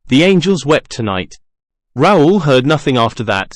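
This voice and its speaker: A man reading a classic novel aloud as a narrator, in an even, measured way with little character acting. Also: medium pitch, no echo, clean studio sound. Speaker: audiobook narrator. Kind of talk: scripted narration.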